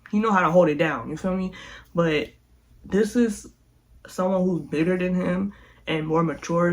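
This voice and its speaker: Animated young adult telling a story. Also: mid-range voice. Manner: animated, slangy, with lots of filler sounds. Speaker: vlogger. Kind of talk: casual storytime vlog.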